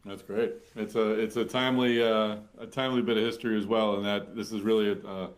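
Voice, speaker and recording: A man's voice: fairly low pitch, level tone, a little fast. A man hosting a virtual industry talk, chatty and self-deprecating, with many fillers. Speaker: webinar host.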